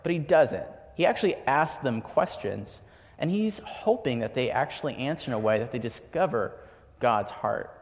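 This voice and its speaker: In a big, echoing hall, a young preacher delivers a sermon in a mid-range voice with lively intonation at a moderate pace. He tells personal stories conversationally, peppering them with filler words.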